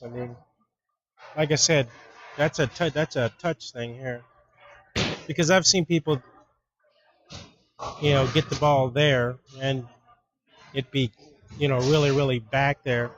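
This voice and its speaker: A man coaching a bowler in casual practice chat, talking in a relaxed, rambling way with some playful teasing. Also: mid-range voice, a little slow, long pauses, no echo, low-quality recording.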